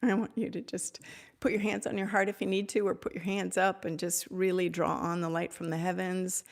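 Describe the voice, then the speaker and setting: Gravelly-voiced woman leading a meditation. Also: on the low side, level tone. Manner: soft, slow, repetitive, devotional. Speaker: spiritual teacher hosting a live Q&A. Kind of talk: guided meditation and blessing.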